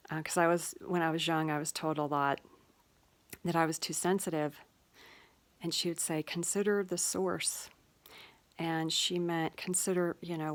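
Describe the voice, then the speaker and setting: A woman hosting her own channel, giving a gentle, reflective spiritual talk with many fillers and pauses. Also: sits low. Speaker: channel host.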